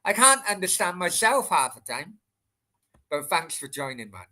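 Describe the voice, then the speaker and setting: Very animated and sharp in tone, this high-pitched man from Wales speaks at a moderate pace. He hosts a casual late-night livestream Q&A, chatting and rambling as he answers viewers, swearing freely and restarting his sentences often.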